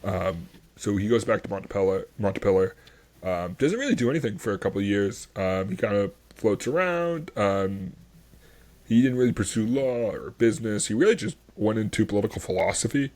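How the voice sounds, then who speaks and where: A man's voice: on the low side, animated, normal speed, darkish tone. A man hosting a history podcast, chatting casually and enthusiastically, rambling with many fillers. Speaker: podcast host.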